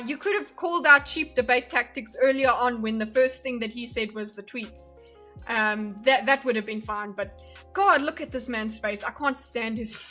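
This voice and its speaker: A woman's voice: fairly high pitch, sharp tone. A woman streamer giving casual live commentary in a blunt, exasperated, sarcastic way.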